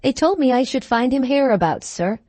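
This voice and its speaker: A woman's voice: high-pitched, lively intonation, moderate pace, dark tone, no echo, pitched above the performer's own voice. A woman doing a deferential male servant. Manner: polite and apologetic.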